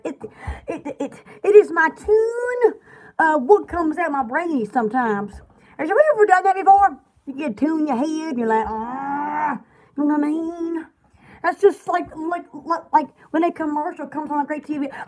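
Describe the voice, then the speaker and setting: A woman's voice: high voice, a little mellow. A woman hosting a casual live sale of bath products, chatty and giggly, rambling between product lists. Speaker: online shop host selling bath products. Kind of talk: casual live sales chat.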